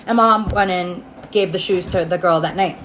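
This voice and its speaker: A woman's voice: fairly low pitch, moderate pace, background noise. A young woman telling a casual story on her phone camera, rambling, laughing, and saying "like" a lot. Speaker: storytime vlogger. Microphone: iPhone.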